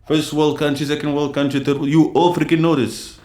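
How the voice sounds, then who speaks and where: Heated, forceful man on a livestream. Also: fairly high pitch, flat delivery, fairly quick. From DR Congo. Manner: forceful, repetitive, addresses chat viewers directly. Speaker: livestream host.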